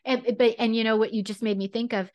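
A woman's voice: on the high side, steady tone, fast talker, muffled recording. Woman, podcast host, casual interview, affirming, often agrees. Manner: warm affirming, frequent "yeah".

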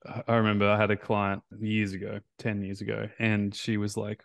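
A man's voice: on the low side, monotone, brisk, gravelly, dry recording. A man hosting a casual interview as a recovery coach, affirming and encouraging his guest.

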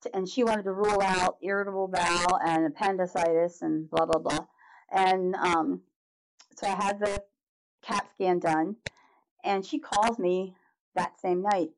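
A woman's voice: on the low side, fairly even intonation, unhurried, rough recording. Earnest middle-aged woman telling her story. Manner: earnest, candid, restarts often. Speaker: guest. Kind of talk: personal storytelling in a podcast interview.

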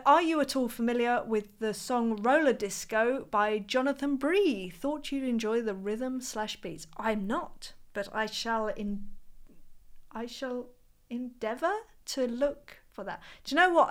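A woman's voice: a little high, fairly bright tone. A woman, chatting casually on a live stream, reading out viewer comments and laughing often.

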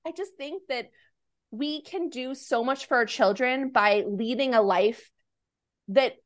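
A woman chatting as a podcast guest, animated and quick to act out the things people said. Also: high-pitched, no room sound. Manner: animated, acts out quoted dialogue. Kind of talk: casual podcast conversation.

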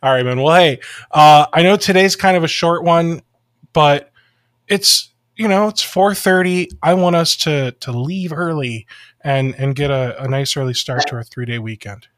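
A man's voice: a little high, moderate pace, no room sound, clean studio sound. A man from Ohio hosting a podcast, chatting casually and joking with lots of laughter. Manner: jokey, animated, laughs often. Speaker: podcast host. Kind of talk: casual chat.

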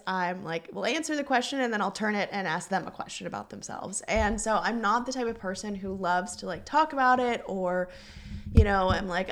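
A young adult woman hosting a podcast, talking casually and earnestly, with fillers and a voice that keeps cracking. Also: medium pitch. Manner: earnest, chatty, encouraging, with frequent fillers. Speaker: podcast host and business coach. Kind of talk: casual solo podcast talk.

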